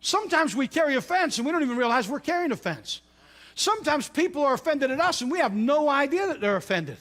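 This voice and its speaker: High-voiced preacher, loud then hushed. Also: male voice, big pitch swings, quick pace. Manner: storytelling preacher, swings from loud exclamations to hushed intensity. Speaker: pastor. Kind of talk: sermon.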